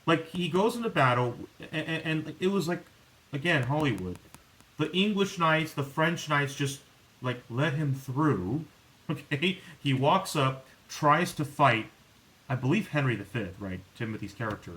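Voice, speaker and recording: The voice is a man's, a little high and unhurried, captured on a rough recording while he hosts a podcast. He chats casually and rambles, with frequent restarts and fillers, growing animated when exasperated.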